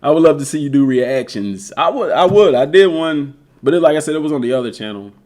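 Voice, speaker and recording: Young male streamer, lively and slangy, a little worn-out voice, pitch leaning high, swings up and down a lot. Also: quick pace. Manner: animated, slangy, reads chat aloud. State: voice a bit worn. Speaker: gaming live streamer. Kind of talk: casual live-stream chat.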